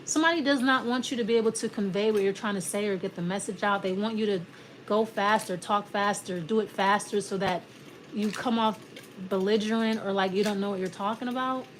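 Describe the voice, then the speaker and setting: A woman with a medium-pitched voice talks fairly quickly, with a little hiss or hum in the recording. She gives a casual, rambling tarot reading, often restarting her sentences and acting out imagined back-and-forth exchanges.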